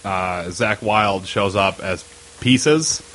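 A man's voice: fairly low pitch, slow, fairly bright tone, a little hiss or hum, rough recording. A man co-hosting a podcast, recounting movie scenes in a loose, profane, jokey way. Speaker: podcast co-host. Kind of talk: casual movie review chat.

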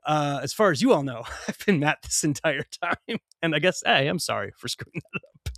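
A man's voice: a little high, animated, brisk, creaky, a bit bright, dry recording, clean studio sound. Loose, joking podcast co-host man. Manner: loose, joking, swears, trips over his sign-off. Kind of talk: casual chat.

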